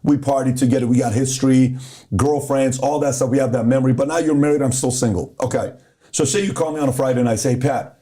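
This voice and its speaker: A man talks through a motivational point in a casual podcast chat. His voice is mellow and warm at an ordinary middle pitch. He tells it like a story and lays out each point in turn, one, two, three. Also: fairly even intonation, fast talker. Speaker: podcast host.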